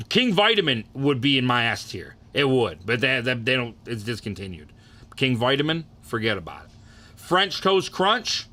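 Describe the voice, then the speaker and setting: A man's voice: mid-range voice, pushed and bright. A young man ranking cereals in a casual, profane, rambling way, getting worked up and restarting his sentences.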